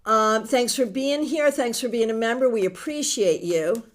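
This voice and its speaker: A woman's voice: on the high side, moderate pace. A middle-aged woman hosting a tarot livestream, chatting with viewers and reading their comments aloud with emotion. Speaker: tarot reader host.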